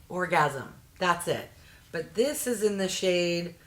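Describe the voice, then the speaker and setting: Middle-aged woman vlogger, unhurried, casual, cheerful asides, slightly low voice. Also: lively intonation. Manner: chatty, easily delighted, jokey asides. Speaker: unboxing vlogger. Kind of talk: casual product unboxing chat.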